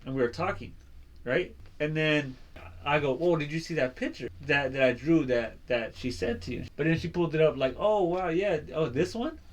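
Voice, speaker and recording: A man's voice: a little high, fairly quick. Laughing man telling rambling stories. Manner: rambling, laughs often, acts out dialogue. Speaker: podcast co-host. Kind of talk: casual chat and storytelling.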